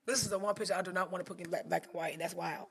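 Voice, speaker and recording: A woman photographer commenting live while editing photos, talking to herself, swearing freely, and swinging from loud outbursts to hushed murmurs. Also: lowish voice, steady tone, racing, vocal fry, husky. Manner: profane, talks to herself. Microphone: streaming setup mic.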